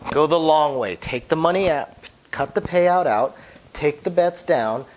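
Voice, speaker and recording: A man who deals craps, giving an emphatic instructional talk whose phrases often fade to a quiet drop at the end. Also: on the high side, lively intonation, a little slow, a little hiss or hum, poor audio. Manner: emphatic, voice drops off at phrase ends.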